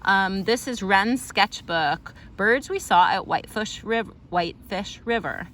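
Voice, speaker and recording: A woman's voice: mid-range voice, unhurried, fairly bright tone, a little hiss or hum. A woman teacher reading a picture book aloud to a young child, patiently explaining names of plants and birds and asking questions along the way. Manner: patient, answers a child's interruptions.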